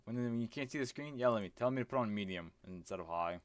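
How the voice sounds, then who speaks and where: A man's voice: medium pitch, animated, fast talker, no echo. A man playing a game on stream, chatting in an easygoing, self-deprecating way. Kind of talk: casual gaming chat.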